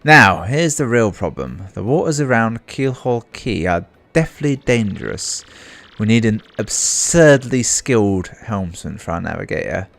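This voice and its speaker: A man's voice: lowish voice, very animated, unhurried, gravelly, fairly bright tone, full character voice. A man voicing a pompous, vain, rich ship owner who talks in a grand, boastful, theatrical way. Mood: fussy.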